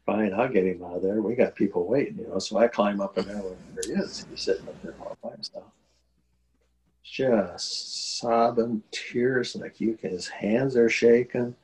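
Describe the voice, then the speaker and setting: Older man, deep voice, earnest interview storyteller with fillers. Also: moderate pace, darkish tone, poor audio. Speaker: guest telling a war veteran story.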